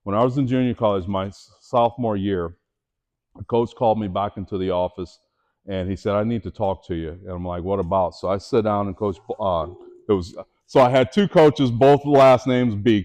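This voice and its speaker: A middle-aged man, a former athlete, giving a motivational talk to students in a school auditorium, telling a personal story with rising and falling intensity. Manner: storytelling, animated, raises voice for drama then drops low. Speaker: motivational speaker.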